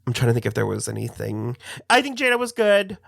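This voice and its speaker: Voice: medium pitch, very animated, fast, vocal fry, dry recording, studio quality. A co-host in a casual reaction chat, talking enthusiastically and sometimes groping for words.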